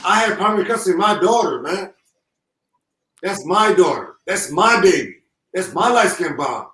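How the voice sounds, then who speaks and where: A grieving father speaking through tears, halting and repeating himself with deep emotion. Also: animated, a bit bright. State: holding back tears. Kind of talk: emotional live call-in. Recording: echoey call from far off.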